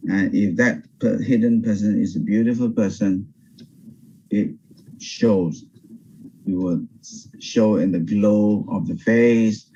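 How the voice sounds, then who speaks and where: Older pastor, dull video-call sound. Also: male voice, on the low side, gravelly, husky. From Singapore. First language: Teochew. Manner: animated, pauses and restarts often. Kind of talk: Bible study teaching. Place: home over video call.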